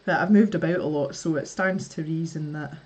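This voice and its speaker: A woman from the West Coast of Scotland with a softened West Coast Scottish accent, chatting casually on a livestream, laughing often and restarting her sentences. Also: sits low, brisk, breathy edge. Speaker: art livestream host. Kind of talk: casual chat reading live comments.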